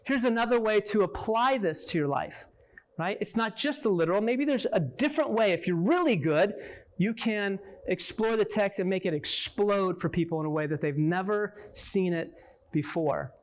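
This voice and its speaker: A man's voice: high voice, moderate pace. A man leading an interactive Bible teaching for a small group, often checking in with "right?" and questioning his listeners. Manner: conversational, peppers points with "right?" and questions to listeners.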